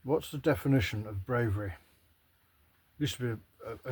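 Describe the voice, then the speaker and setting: A man's voice: mid-range voice, moderate pace, pauses often, a little mellow, husky, no echo. A man rambling to camera in a casual, sweary, self-mocking monologue. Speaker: vlogger.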